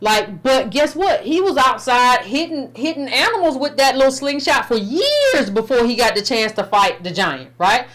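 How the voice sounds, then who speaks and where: Female show host, animated pitch, steady and reassuring with callers. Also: normal speed, hardly any pauses. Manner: firm and reassuring, calls listeners fam. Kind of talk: call-in talk show.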